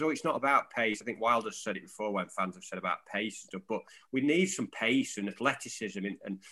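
Man, podcast co-host, bright tone, rambling analysis. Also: on the low side. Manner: rambling, lively match analysis. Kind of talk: casual chat.

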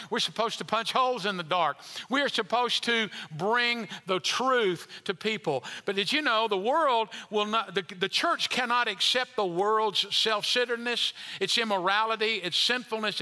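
A man's voice: high-pitched, bright, forceful tone, in a large hall. A man preaching a sermon as pastor, emphatic and repetitive, building in intensity.

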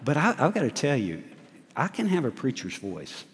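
Animated middle-aged pastor in a reverberant hall. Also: male voice, mid-range voice, moderate pace, slight background noise. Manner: animated preacher, asks the congregation questions, laughs at himself. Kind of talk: sermon. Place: church sanctuary. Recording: long church hall reverb.

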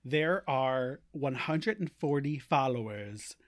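A young man from Long Island co-hosting a podcast, chatting casually and joking with quick laughs. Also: mid-range voice, animated. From Long Island, New York. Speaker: podcast co-host. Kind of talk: casual chat.

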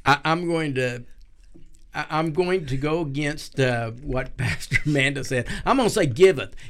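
A man's voice: a little high, normal speed, fairly bright tone. A man pastor co-hosting a casual chat, stumbling into sentences and tossing in wry asides. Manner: stammering starts, wry asides. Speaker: pastor and co-host.

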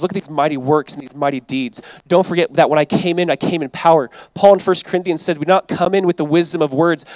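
High-voiced man preaching a sermon. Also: a little mellow, no echo, poor audio. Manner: conversational, emphatic preaching with quoted asides. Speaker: pastor.

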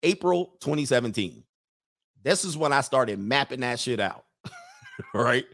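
A man's voice: medium pitch, expressive, measured pace, fairly bright tone. A man hosting a show, giving a blunt, opinionated monologue to his viewers and acting out the voices of people he quotes.

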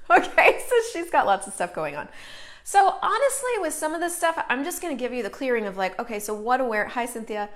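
A woman's voice: on the high side, brisk. Chatty woman hosting a live stream. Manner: chatty and animated, greets viewers mid-sentence; swears casually, emphatic. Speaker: host of a live online show, facilitator. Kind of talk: casual live-stream talk to viewers.

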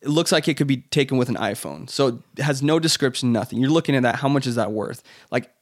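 A man's voice: mid-range voice, quick pace. Rambling man in casual podcast chat. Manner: loose, rambling, many "like" fillers and restarts. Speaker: podcast guest. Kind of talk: casual conversation.

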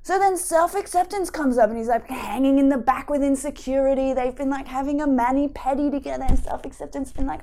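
High-voiced woman teaching with playful stories. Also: a little fast, hardly any pauses. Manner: lively, playful storytelling. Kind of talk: emotional-wellness talk.

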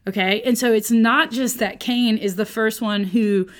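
A woman's voice: fairly high pitch, steady tone, measured pace. A woman teaching a casual Bible lesson, conversational and playful, who often checks in with her listeners. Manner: conversational, keeps checking in with "okay?", playful asides.

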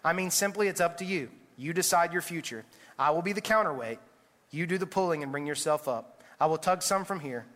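A man's voice: fairly high pitch, fairly quick, a bit bright, lightly acted. A man reading a fable aloud, voicing a desperate traveler on a bridge with raised, urgent pleading. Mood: firm. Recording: echoey church hall.

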